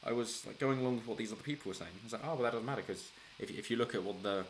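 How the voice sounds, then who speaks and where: A man talks through political news in a loose, rambling way, restarting sentences and chuckling as he goes. His voice sits very low. A faint hiss of noise runs behind the recording. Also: rapid-fire. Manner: rambling, frequent restarts, chuckles while talking. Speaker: political commentary channel host. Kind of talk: casual solo commentary.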